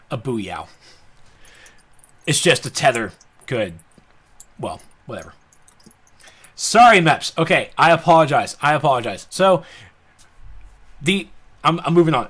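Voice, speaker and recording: A man's voice: medium pitch, a bit bright. A man with a Southern accent hosting a casual live-streamed podcast, rambling with laughing, apologetic asides and a slightly dry throat. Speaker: podcast host.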